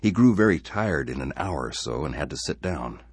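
A man reading a story aloud in an expressive, measured way. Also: a bass voice, breathy edge, no echo. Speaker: narrator.

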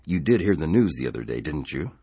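A man's voice: a bass voice, very animated, quick pace, dark tone, breathy edge, no echo, heavily acted. A man voicing a frightened settler who talks urgently and pleads with others. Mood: alarmed. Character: anxious male settler, frantic and fearful.

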